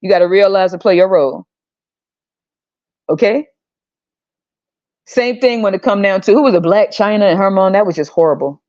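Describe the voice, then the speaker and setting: A woman hosting a podcast goes on a blunt, profane, opinionated rant in a middle-pitched, darkish voice, breaking into shrill, exasperated outbursts. She speaks at a moderate pace with long pauses, and the recording is slightly dull and lo-fi.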